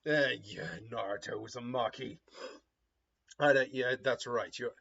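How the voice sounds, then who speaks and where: Man as a taunting villain, low and slow, muffled lo-fi recording. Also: gravelly, pushed and bright, full character voice.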